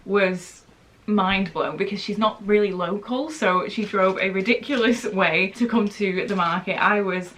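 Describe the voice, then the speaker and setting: A young woman from England chatting to camera in a casual vlog at home, emotional and quick to laugh. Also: mid-range voice, a bit bright. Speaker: vlogger and market organiser. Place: home, indoors.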